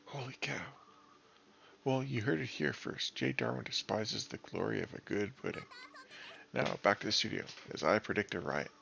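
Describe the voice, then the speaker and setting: A man's voice: on the low side, expressive, moderate pace, creaky, sharp tone, dull audio, a little hiss or hum, exaggerated voice. A man voicing a showy, upbeat male on-the-scene reporter. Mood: breezy. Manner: breezy, showy.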